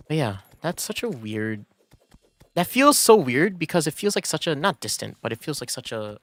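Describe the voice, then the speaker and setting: A man's voice: on the high side, sing-song, unhurried, a bit bright, dry recording. A man streaming a game, telling a story in a casual, rambling way with many fillers and restarts. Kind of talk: casual storytelling while gaming.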